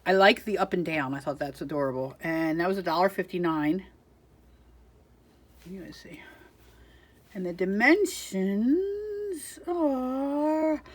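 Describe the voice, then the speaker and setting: A woman chatting casually through a crafting haul, chatty and self-deprecating, giggling at herself. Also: mid-range voice. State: out of breath.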